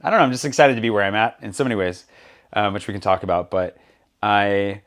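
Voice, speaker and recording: Speaking fast in a voice on the low side, this male podcast host tells stories in casual conversation and animatedly acts out the back-and-forth exchanges.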